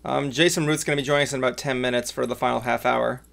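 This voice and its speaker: A man hosting a loose chat show, rattling on quickly with a gravelly edge to his voice. He rambles, with plenty of ums and restarts. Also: mid-range voice, fairly even intonation, fairly bright tone. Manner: rambling, filler-heavy. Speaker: podcast host. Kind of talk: casual chat.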